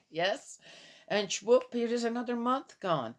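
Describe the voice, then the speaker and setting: A woman's voice: a little high, lively intonation, takes it slowly, pauses often. A woman in her fifties, a little tired, chatting casually in a morning vlog, rambling and chuckling often. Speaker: vlogger.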